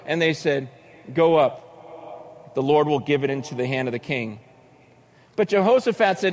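A man preaching with a high voice and an animated storytelling style. He acts out voices in his stories and sometimes breaks into a shout. Faint noise sits under the recording. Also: normal speed, pauses often. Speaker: pastor. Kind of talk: sermon.

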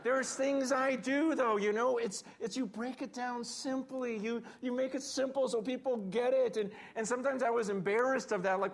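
A man preaching a sermon in a lively, conversational way, with self-deprecating jokes and acted-out quotes. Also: very high voice, moderate pace, few pauses. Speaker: pastor.

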